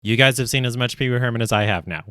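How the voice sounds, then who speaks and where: A man's voice: medium pitch, fast, fairly bright tone, dry recording, studio quality. A man streaming casually while he stitches, rambling along with self-deprecating asides. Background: faint lo-fi music.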